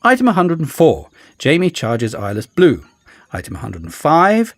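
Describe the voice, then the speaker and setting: Man doing a high, loud, huffy stage villain for a storybook, big sweeping pitch. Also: wildly swooping pitch, normal speed, no room sound, full character voice. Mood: exasperated. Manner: declaiming, shrill and exasperated. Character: pompous theatrical male villain, sarcastic and grumpy.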